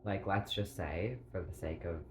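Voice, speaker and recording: A man thinking aloud in a rambling philosophical monologue, halting and full of filler words, often clearing his throat. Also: low voice, steady tone, noisy background.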